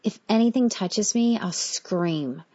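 A woman reading the lines of a restless, overheated young woman in a higher, complaining voice. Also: slow pace, dark tone, dull audio. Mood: whiny.

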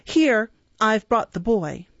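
A woman voicing a stern, pompous middle-aged beadle who blusters and scolds in a lowered voice. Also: big pitch swings, slow pace, fairly bright tone, no room sound, full character voice. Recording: dull, dry recording.

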